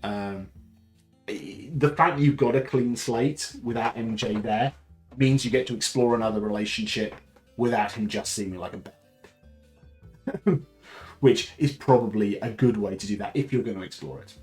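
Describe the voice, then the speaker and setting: A man talks casually into a live stream from his home, with a voice that sits on the low side. He rambles along with easy enthusiasm. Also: moderate pace, darkish tone, faint music behind. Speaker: streamer hosting a lunchtime chat.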